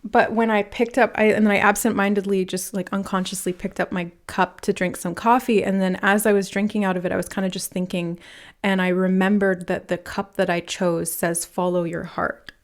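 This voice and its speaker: Animated woman giving a tarot reading. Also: mid-range voice, fairly quick. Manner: animated, talks with many fillers and acts out quoted voices. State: nervous, laughing from nerves. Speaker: tarot reader. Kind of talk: pick-a-card tarot reading.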